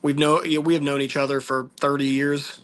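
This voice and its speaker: A man vlogging to viewers, telling a personal story in a halting, soft-spoken, earnest way. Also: a little high, flat delivery.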